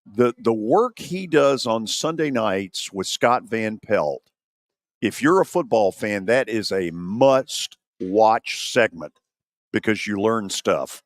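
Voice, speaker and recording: An older man with a Southern accent hosting a sports talk radio show, telling folksy stories with animated quotes. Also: on the low side, slow pace, dry recording, clean studio sound. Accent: Southern American. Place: studio at an ice center venue. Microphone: studio microphone.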